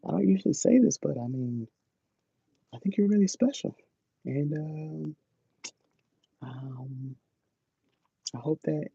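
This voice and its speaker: A man putting on a high, breathy young woman who can't stop stammering through an awkward first-date goodbye. She apologizes constantly and trails off mid-thought. The audio is dull and lo-fi. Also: mellow, no room sound, heavily acted. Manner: rambling, stammering, apologetic, then tearful.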